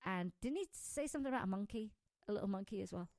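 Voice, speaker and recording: A woman's voice: medium pitch, lively intonation, fast, a little mellow, dry recording. A woman hosting a pet-tips show in casual chat, talkative and laughing often as she wanders between stories. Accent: non-American, says it is her own.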